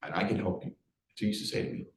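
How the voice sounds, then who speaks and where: A man's voice: lowish voice, creaky. Emotional Philly man telling his story. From USA, South Philadelphia. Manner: storytelling, emotional, fast restarts and fillers. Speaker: guest speaker. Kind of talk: live personal testimony talk. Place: event hall before a live audience. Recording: echoey live talk hall.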